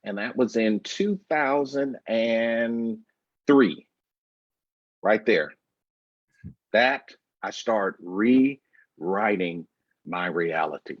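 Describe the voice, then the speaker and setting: A husky man in his fifties tells a personal story as a guest, slow and emphatic. His voice comes through a dry, dull video-call line with little room sound. He speaks in a measured, reflective way. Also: on the low side, no room sound.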